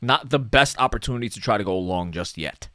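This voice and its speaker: A man's voice: fairly low pitch, lively intonation, fairly quick, bright, forceful tone, no echo, studio quality. A man talking casually through market charts as a stock analyst, chatty and self-mocking, often tagging "okay?" and "right?".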